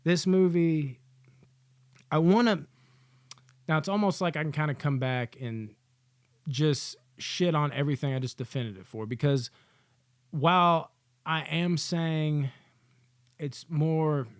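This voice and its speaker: A man's voice: fairly high pitch, slow pace, long pauses, clear, resonant tone, no echo, studio quality. A man giving a casual, rambling movie review, swearing freely and filling his talk with "like" and "you know.". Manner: rambling, profane, candid, lots of fillers.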